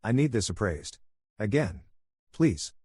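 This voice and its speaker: A man's voice: fairly low pitch, sing-song, measured pace, darkish tone, husky, no echo, studio quality, heavily acted. A man voicing a bitter young woman who has just broken off her engagement, barely changing his own voice. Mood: desperate.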